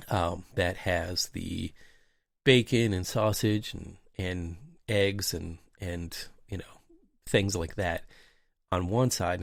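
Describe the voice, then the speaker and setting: Deep-voiced man telling a rambling story. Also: gravelly, dry recording, studio quality. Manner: rambling anecdotal storyteller, many fillers. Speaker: podcast host. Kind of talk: casual podcast storytelling. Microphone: remote call mic.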